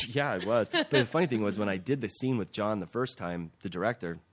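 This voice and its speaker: Fast-talking deep-voiced man telling a story. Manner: animated, acts out quoted lines. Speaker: actor guest. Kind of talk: casual storytelling interview.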